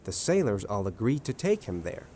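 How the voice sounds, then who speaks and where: A man narrating a story in a scripted audiobook reading with a lively storytelling delivery. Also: lowish voice, normal speed, slight background noise.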